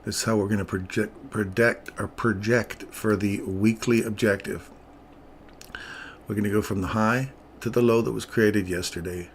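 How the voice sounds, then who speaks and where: A man's voice: lowish voice, fairly even intonation, moderate pace, slight background noise. A man giving casual live commentary on his market trades, chatting with viewers as he works through the charts. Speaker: trading streamer.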